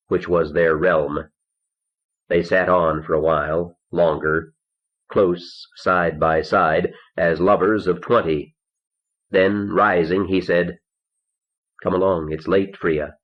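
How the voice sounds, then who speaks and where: Deep-voiced man narrating an audiobook. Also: fairly even intonation, takes it slowly. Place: recording studio. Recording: dull lo-fi 1970s cassette recording.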